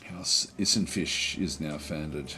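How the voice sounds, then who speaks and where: A man narrates a strategy game let's play in a relaxed way, thinking aloud with many fillers and false starts. His voice rumbles low and he takes it slowly, with soft music in the background.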